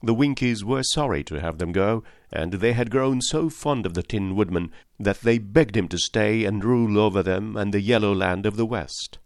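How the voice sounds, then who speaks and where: Low-voiced man reading a storybook. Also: moderate pace, hardly any pauses, no room sound, studio quality. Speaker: audiobook narrator. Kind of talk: scripted storybook narration.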